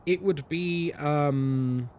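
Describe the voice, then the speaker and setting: A man streaming live and chatting casually with viewers, animated and swearing freely. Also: a little high, very slow, a little hiss or hum. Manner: animated, swears freely, drops into mock voices.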